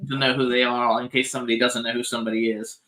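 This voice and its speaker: Chatty radio host guy, really bright sharp voice. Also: medium pitch, flat delivery, rapid-fire. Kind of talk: casual chat.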